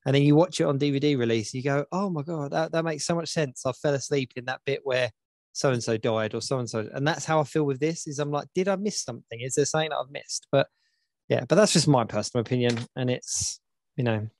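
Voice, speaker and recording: A man's voice: medium pitch, a little fast, darkish tone, dry recording. A man co-hosting a casual podcast chat, rambling and repeating himself as he searches for words. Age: adult with children. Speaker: podcast co-host.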